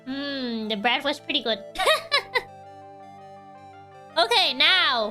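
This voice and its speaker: Bright playful woman streamer. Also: high voice, very animated, drawn-out words, long pauses, soft background music. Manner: giggly, playful, chats with viewers. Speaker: game streamer. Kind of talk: casual chat while playing a game.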